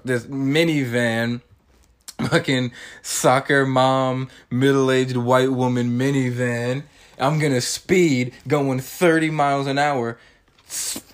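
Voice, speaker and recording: A young man in his twenties talks through a movie on his podcast in a loose, chatty way. He gets worked up fast and slips into the characters' voices in quick bursts. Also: medium pitch. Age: 20s. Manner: excitable, acts out characters' lines in quick bursts. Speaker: podcast host. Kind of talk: animated casual movie recap.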